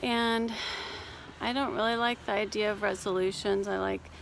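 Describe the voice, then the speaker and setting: A woman coach talking casually while walking outdoors up a hill, gentle and reassuring, a little out of breath. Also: medium pitch, steady tone, normal speed, gravelly, a little hiss or hum. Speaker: life coach and therapist. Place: outdoors on a cold hill walk.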